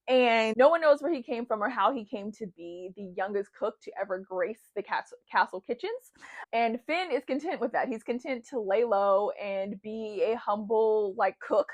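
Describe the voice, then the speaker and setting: A woman enthusiastically reviewing her favorite books, rambling, correcting herself and gushing with praise. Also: a little high. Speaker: book reviewer. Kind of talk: casual book review vlog. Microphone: new desk mic.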